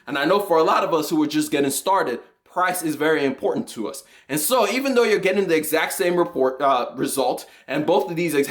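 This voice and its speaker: Young man, fairly high voice, animated, jokey, casual finance explainer. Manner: animated, jokey, occasionally shouts with excitement. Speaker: finance YouTuber.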